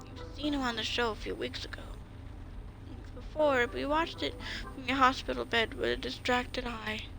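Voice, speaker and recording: A woman's voice: high voice, fairly even intonation, normal speed, vocal fry, a bit bright, faint music behind, rough recording. A woman streamer reading a story game's narration aloud, with chatty asides.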